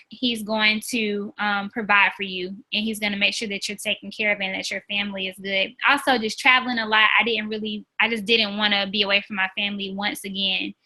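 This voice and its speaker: A woman's voice: on the high side, pushed and bright, poor audio. A woman leading a team call, giving an earnest, chatty motivational talk with plenty of "um" and "like", calling listeners "y'all". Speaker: team leader on a business team call.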